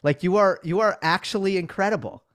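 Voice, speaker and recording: A man's voice: high-pitched, a little fast, fairly bright tone. A man co-hosting a sports recap podcast, chatting casually in an emphatic, teasing way. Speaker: podcast co-host. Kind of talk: casual chat.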